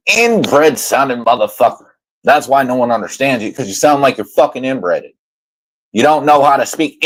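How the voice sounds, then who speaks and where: A man's voice: medium pitch, expressive, moderate pace, rough recording. A man ranting over clips as a commentary YouTuber, profane and mocking. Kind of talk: reaction commentary rant.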